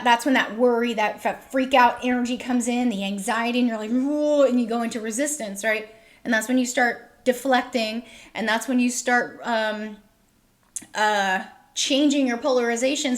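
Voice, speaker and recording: A woman giving a tarot reading to her viewers, reassuring them and checking in with a frequent "okay?" as she explains the cards. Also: a little high. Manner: reassuring, repeats "okay?" often, acts out listeners' worried thoughts. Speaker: tarot reader.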